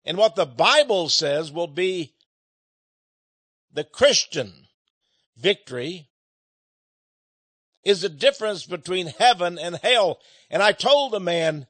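A man preaching a sermon in an animated way, often repeating his words and chuckling as he speaks. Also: high-pitched, takes it slowly, long pauses, no echo.

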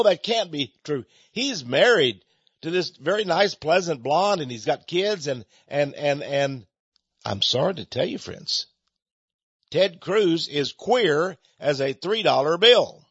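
A man with a somewhat high, husky voice hosts a ministry broadcast in a preachy monologue. He rambles, hammers on phrases and restarts mid-sentence. The recording is dry and a little dull and lo-fi. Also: a bit bright, no echo.

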